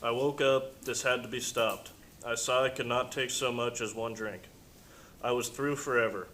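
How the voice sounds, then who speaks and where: A man in a study class reading a passage aloud in a steady, plain way. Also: mid-range voice, moderate pace, a little hiss or hum, rough recording. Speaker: class reader.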